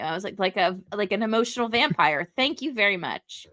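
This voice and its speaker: Woman co-host, animated storyteller, crisp bright tone, casual chat. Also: a little high, a little fast, few pauses. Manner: animated storyteller, laughs often. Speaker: podcast co-host.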